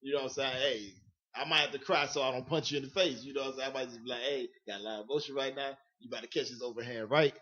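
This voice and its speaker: A man with a Southern US accent co-hosting a casual comedic podcast, laughing loudly and slipping into playful impressions. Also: medium pitch, fairly even intonation, very fast. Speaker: podcast co-host. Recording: dull lo-fi audio.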